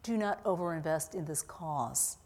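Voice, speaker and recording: A woman reading aloud the lines of a measured older man, a pragmatic lab mentor, in a dry, matter-of-fact way. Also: low-pitched, expressive, darkish tone.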